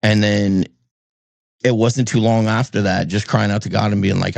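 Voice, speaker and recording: A middle-aged man from New England, a pastor co-hosting a podcast, speaks in a somewhat low voice recorded close and dry. He tells a candid personal story, sinking into low, heavy tones and then leaping into high, exasperated bursts. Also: fairly even intonation, measured pace, creaky, pauses often, a little mellow, dry recording.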